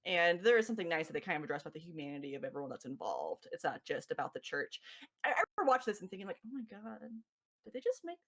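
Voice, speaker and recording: Woman cohost, voice jumps all over, animated, acts out what people said. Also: deep voice, racing. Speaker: podcast co-host. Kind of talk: casual chat.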